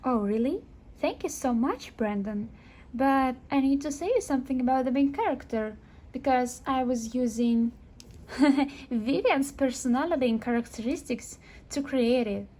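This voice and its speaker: Woman playing a chatty young woman writer, bubbly, excitable, high voice, toy sketch. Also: a little slow. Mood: excited. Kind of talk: amateur toy sketch voice acting.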